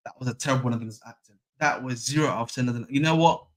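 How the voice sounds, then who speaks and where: Racing along at medium pitch, the young host of a football fan stream chats casually, leaning on slang and repeating himself.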